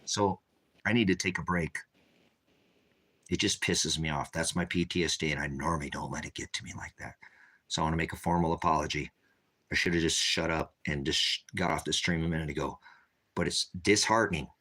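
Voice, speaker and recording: A man preaching on a livestream, ranting forcefully and repeating himself. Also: a bass voice, fairly even intonation, fairly quick. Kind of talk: heated livestream rant.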